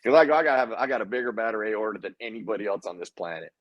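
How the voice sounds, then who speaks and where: Man, low voice, interview guest, lively storyteller, acts out quoted lines. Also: racing, no room sound, lo-fi sound. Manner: animated storyteller who acts out other people's lines. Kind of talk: casual storytelling conversation.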